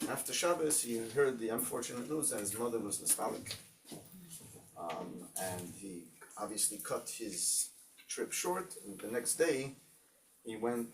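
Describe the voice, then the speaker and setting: A man teaching an informal Torah class as a rabbi, telling stories in a conversational way with many fillers and Hebrew terms. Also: medium pitch. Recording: distant mic with faint noise.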